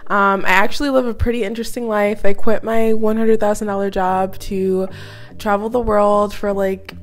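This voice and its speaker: A young woman in her twenties chatting casually in a vlog, full of fillers and quick laughs. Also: mid-range voice, level tone, soft background music. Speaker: student vlogger.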